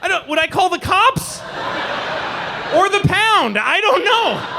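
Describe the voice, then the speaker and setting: A man in his forties doing a stand-up comedy set in a club, animated and acting out people with shouted asides. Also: extremely high pitch, a little slow, slight background noise. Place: comedy club stage before a live audience.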